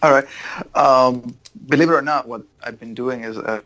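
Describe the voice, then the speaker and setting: A man's voice: medium pitch, normal speed, a bit bright, rough recording. Hesitant but enthusiastic podcast guy. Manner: hesitant, filler-heavy, enthusiastic. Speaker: podcast co-host. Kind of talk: casual chat.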